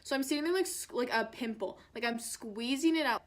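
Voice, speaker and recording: A woman's voice: fairly high pitch, brisk. A young adult woman telling a storytime vlog in a chatty, dramatic way, full of "like" and fillers. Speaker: vlogger.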